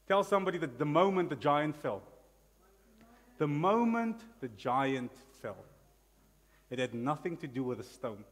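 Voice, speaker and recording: A man with a South African accent preaching an animated sermon in church, calling out hallelujah and amen. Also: a little high, moderate pace. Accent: South African English. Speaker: pastor. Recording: long reverb of a church hall.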